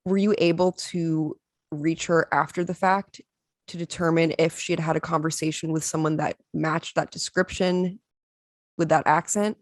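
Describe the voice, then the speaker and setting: A woman hosting a podcast asks her guest careful, measured questions. Her voice is very low for a woman. The sound is close and dry. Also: steady tone, dry recording. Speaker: podcast co-host. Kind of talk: interview questions.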